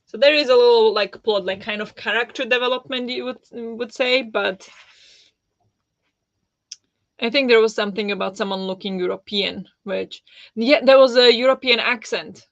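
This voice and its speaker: A woman's voice: fairly high pitch, a little fast, dry recording, highs cut off. A woman hosting a live book club discussion, casual, blunt and sarcastic, laughing often. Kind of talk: casual live-stream chat.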